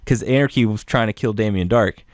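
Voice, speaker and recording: A man with a somewhat low voice co-hosts a casual podcast, walking through TV episodes scene by scene. He slips into short bits of the characters' lines and swears easily. The sound is dry and close, with no room to it. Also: no echo. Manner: recaps scenes with quick acted-out dialogue, laid-back swearing. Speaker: podcast co-host. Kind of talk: casual chat.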